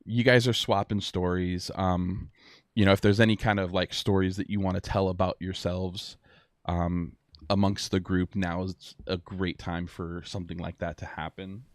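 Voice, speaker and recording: A man's voice: low-pitched, flat delivery, no echo, clean studio sound. A man narrating a tabletop role-playing game as game master, hesitating often with fillers and restarts. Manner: halting, with many fillers and restarts.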